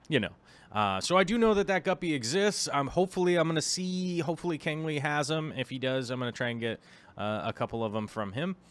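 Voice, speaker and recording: A man's voice: mid-range voice, fairly bright tone. Rambling, chatty man vlogging. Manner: rambling, with many filler ums and restarts; chatty asides to the viewer. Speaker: aquarium vlogger. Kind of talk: casual vlog chat.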